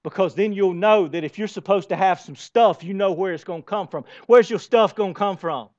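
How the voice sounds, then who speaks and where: A man preaching a lively sermon to his congregation, asking rhetorical questions and dropping to quiet asides. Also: high voice, a little fast, no room sound. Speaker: pastor. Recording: dull lo-fi sound.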